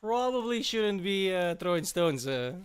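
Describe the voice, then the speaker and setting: A man's voice: high voice, very animated, measured pace, clean tone. A man commenting on a live stream, cracking crude jokes as he watches. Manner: joking, crude asides. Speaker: streamer reacting.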